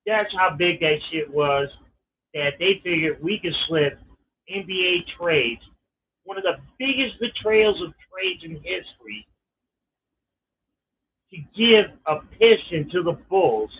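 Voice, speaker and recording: A man's voice: sits high, animated, slow, pauses often. A middle-aged man telling a personal story in a casual, profane, exasperated way. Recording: tinny phone-like line.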